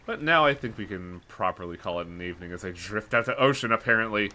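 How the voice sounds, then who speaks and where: Lively joking young man streamer. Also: fairly low pitch, fast. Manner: joking, swears casually. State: tired from long talking. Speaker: streamer playing a game. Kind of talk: casual live-stream chat.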